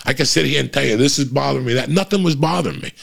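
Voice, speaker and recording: A middle-aged man telling a rambling, profane story in a casual monologue, with a gravelly voice. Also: mid-range voice, racing. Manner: profane, rambling, frequent restarts.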